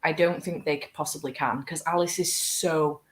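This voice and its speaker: A woman's voice: sits low, steady tone, normal speed, roomy sound. A British woman in her twenties chatting casually as co-host, enthusiastic and rambling. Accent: British English. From Britain. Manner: enthusiastic, rambling, laughs often. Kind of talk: casual chat.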